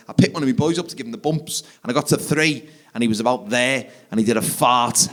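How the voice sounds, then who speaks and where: A man telling a stand-up comedy story on a live theatre stage, animated and acting out the people in it. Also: mid-range voice. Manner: animated, acts out kids and wife in quick voices.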